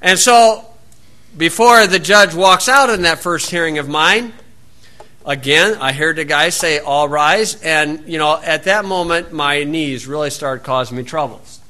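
A man's voice: on the high side, measured pace, pushed and bright. A man preaching a sermon, reading scripture aloud and breaking in with folksy, sarcastic asides. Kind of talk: sermon, Bible reading with commentary.

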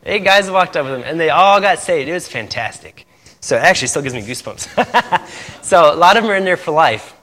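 Bright-voiced preacher in an echoey hall. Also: male voice, on the high side, a little fast. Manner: lively, laughing often, quoting others in dialogue. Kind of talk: storytelling testimony to a congregation.

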